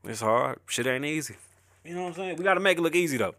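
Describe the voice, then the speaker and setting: On his podcast, a middle-aged host with a highish, sharp, animated voice talks quickly and openly about his family and personal struggles. His emotional, profane speech wanders, captured in studio quality without any echo.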